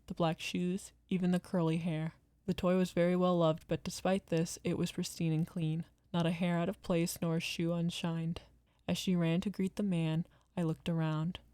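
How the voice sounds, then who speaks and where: Woman calmly narrating a horror story. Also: on the low side, clear, resonant tone, dry recording.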